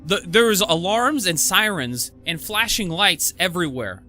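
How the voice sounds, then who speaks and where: A man's voice: sits high, a little slow, soft background music. A young man telling a rambling story to his stream, cursing a lot and stumbling over restarts. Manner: profane, rambling, excitable, many restarts. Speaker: gaming streamer. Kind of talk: casual storytelling.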